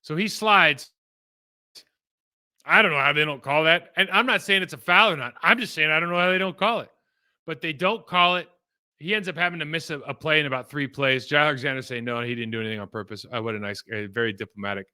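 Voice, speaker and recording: A middle-aged man casually breaking down football game film, animated and rambling with frequent asides. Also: a little high, a little fast, clean tone.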